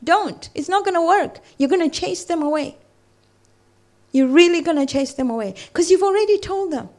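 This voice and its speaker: Speaking to a women's gathering, this high-voiced, middle-aged woman delivers a lively religious talk full of stories. She addresses the audience with questions and rattles off Arabic scripture quickly.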